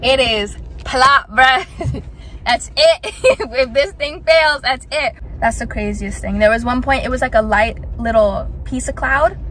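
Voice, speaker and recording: A woman in her twenties, hoarse from screaming, chatting excitedly in a casual vlog and laughing between thoughts. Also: high voice, measured pace, a little hiss or hum. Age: 20s. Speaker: vlogger.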